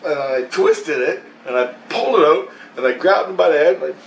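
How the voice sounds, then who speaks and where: A vlogger with a slightly high, expressive voice and vocal fry recounts a long dream a little fast, rambling and swearing, laughing between phrases. The recording has a roomy echo and faint hiss, with him far from the mic.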